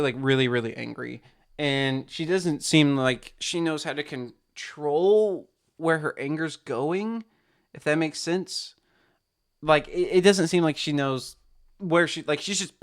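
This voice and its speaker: A man hosting a reaction video, rambling through casual commentary full of restarts and fillers. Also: fairly high pitch.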